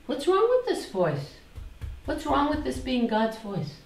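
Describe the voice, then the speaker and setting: Woman teacher, slow lively delivery, echoey room, distant mic. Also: high-pitched. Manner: animated, repeats phrases in mock voices, asks the class questions. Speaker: spiritual teacher. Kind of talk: teaching a class.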